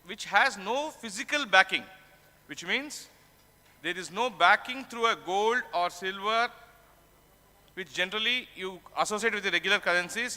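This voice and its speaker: Bright-voiced man lecturing in a reverberant hall. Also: sits high. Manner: explanatory, asks and answers his own questions. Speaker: tax conference speaker. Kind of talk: conference lecture. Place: conference hall.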